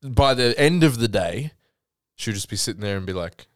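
A man's voice: fairly low pitch, animated, moderate pace. A young man, a guest comedian in a casual chat, jokey and acting out exchanges with his partner.

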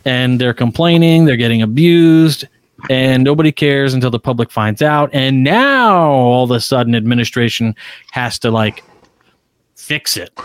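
A man's voice: mid-range voice, moderate pace, clean tone, no echo. Emphatic man on a podcast panel. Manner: emphatic, animated, frequent restarts. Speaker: podcast co-host. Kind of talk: casual panel discussion. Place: Chicago.

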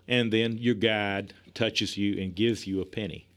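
A middle-aged man telling stories in a casual chat, animated and chuckling, acting out the lines he quotes. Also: on the low side, a little slow, hardly any pauses.

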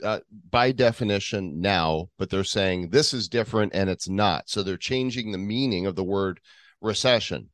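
A man's voice: low voice, moderate pace, fairly bright tone, dry recording, studio quality. A man hosting a podcast, talking in casual, emphatic, opinionated chat. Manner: emphatic, ranting. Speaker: podcast host.

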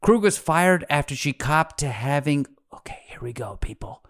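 A man's voice: a little high, lively intonation, normal speed. A man hosting a podcast in a casual, playful way, laughing often and adding theatrical asides. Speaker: podcast host.

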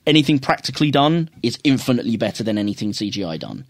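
Halting man, dry sound. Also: mid-range voice, big pitch swings, no room sound. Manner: halting, many fillers and restarts, blunt opinions. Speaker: podcast co-host. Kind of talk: casual film review chat.

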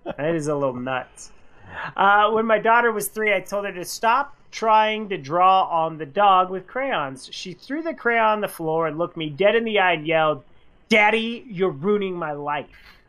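A man co-hosting a radio show, reading funny listener anecdotes in casual chat and acting out the quoted lines with big pitch jumps. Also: expressive, normal speed, fairly bright tone. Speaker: radio co-host.

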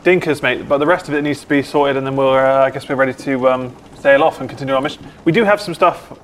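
A man, playing a tabletop game in quick, chatty banter. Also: mid-range voice, slight background noise. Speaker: player. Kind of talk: tabletop role-play banter.

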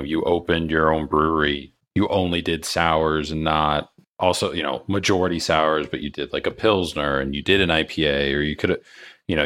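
Very deep-voiced man asking rambling questions. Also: fairly bright tone. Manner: rambling questions full of fillers. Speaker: podcast host. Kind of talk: casual interview questions.

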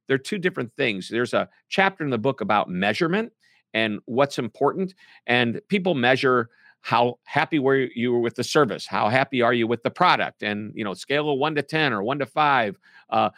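A man, a book author, answering interview questions in a lively, joking way. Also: mid-range voice, no room sound, studio quality. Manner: animated, playful, jokes and puts on quick impressions. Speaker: author and podcast guest.

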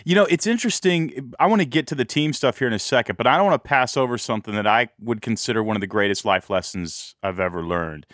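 A man hosting an interview, asking energetic questions and explaining ideas thoughtfully. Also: mid-range voice, fast talker, few pauses, dry recording, studio quality. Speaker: podcast host.

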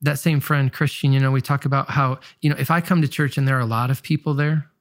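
Talking fast at a medium pitch with fairly level intonation, the nasal-voiced Michigan pastor and musician gives a candid, introspective interview. He often breaks off and restarts sentences while questioning himself, and the studio recording is echo-free.

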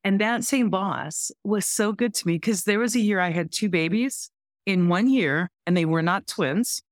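A middle-aged woman, a podcast guest, telling a story in an animated way and acting out both sides of a conversation. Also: medium pitch, moderate pace, no room sound, clean studio sound. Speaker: podcast guest, workplace author and speaker. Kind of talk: storytelling interview chat.

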